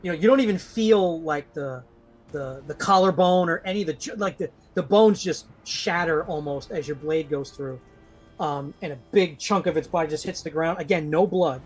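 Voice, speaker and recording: A man's voice: a little high, moderate pace, husky, faint music behind. A man narrating as game master in a live-play tabletop game, describing scenes in a rambling way full of fillers.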